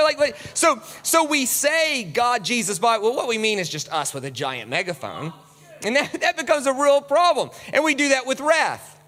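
Animated male preacher in a reverberant hall. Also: extremely high pitch, moderate pace. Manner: animated, acts out quoted voices with big swings. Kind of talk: sermon with slides.

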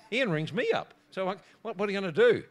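A middle-aged preacher man, sounding a little higher than most men. He tells a personal story in a sermon, laughing often and restarting his words as he goes. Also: big pitch swings, normal speed.

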